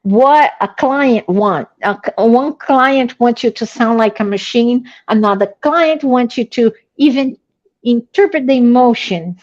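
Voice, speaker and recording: A woman's voice: fairly high pitch, measured pace, darkish tone, dull audio. A woman from Brazil with a light Brazilian Portuguese accent and Portuguese as her first language, chatting casually and telling stories with laughs between remarks. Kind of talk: casual chat.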